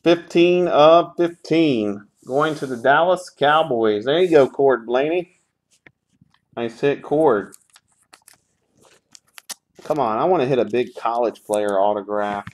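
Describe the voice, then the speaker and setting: A man's voice: mid-range voice, takes it slowly, pauses often, darkish tone. A man hosting a live sports card break, calling out pulls in a sarcastic, grumbling, profane way.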